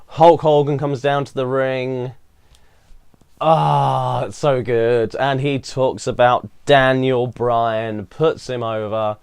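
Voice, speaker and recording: A young British man with a medium-pitched, clear, resonant voice takes his time giving a chatty, opinionated recap of a wrestling show. He fills it with frequent "um"s and "uh"s.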